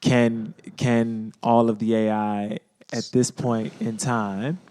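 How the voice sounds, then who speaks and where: A man's voice: medium pitch, flat delivery, slow, darkish tone. A man co-hosting a podcast in casual chat, laid-back and filler-heavy. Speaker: podcast co-host.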